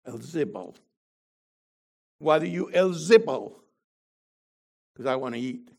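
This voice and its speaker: An older man preaching a sermon to a congregation, animated and full of rhetorical questions. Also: medium pitch, slow pace, vocal fry.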